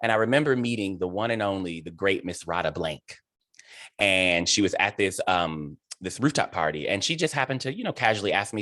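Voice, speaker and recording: Effusive low-voiced male interview host. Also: animated, fairly quick, bright, forceful tone, no echo. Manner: effusive, emotional, heartfelt. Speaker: host and theater director. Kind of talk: casual interview chat.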